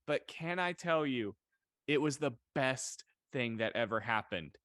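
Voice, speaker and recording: A man's voice: medium pitch, expressive, a little slow, a bit bright, no echo, studio quality. A man, a dungeon master, recounting a campaign story in a casual chat.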